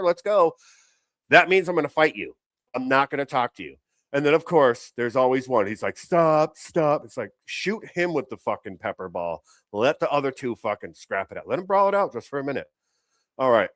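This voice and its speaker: Male host, mid-pitched, blunt and swearing, dry close mic, fired-up commentary. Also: a bit bright, no room sound. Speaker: show host reacting to clips. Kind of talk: profane commentary rant.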